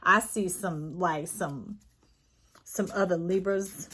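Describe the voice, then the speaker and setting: A woman doing an intuitive tarot reading, chatting to the listener directly and drifting into lively stories. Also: lowish voice, slow pace, a little hiss or hum. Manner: chatty, warm-hearted, digressive storytelling with animated quoted voices; addresses listener directly as y'all and love. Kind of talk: casual spiritual tarot reading.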